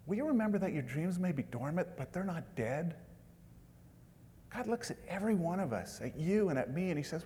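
A man's voice: high voice, expressive, brisk, mellow, a little hiss or hum. Man preaching in a reverberant hall. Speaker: pastor. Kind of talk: sermon.

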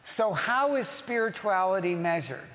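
A man's voice: sits high, animated, unhurried, a bit bright, in a large hall. A man preaching as pastor, emphatic, repeating key phrases and putting questions to the congregation. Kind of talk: sermon.

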